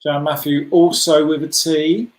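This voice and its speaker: A man's voice: fairly high pitch, level tone, moderate pace. A man leading a children's club, hosting a letter-guessing game over a video call, chatty and encouraging as he praises players by name. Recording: roomy echo.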